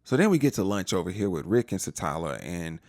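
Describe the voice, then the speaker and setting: A man's voice: deep voice, big pitch swings, fairly quick, darkish tone, no echo, clean studio sound. A man hosting a casual TV episode recap, retelling scenes with slangy asides. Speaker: TV recap host.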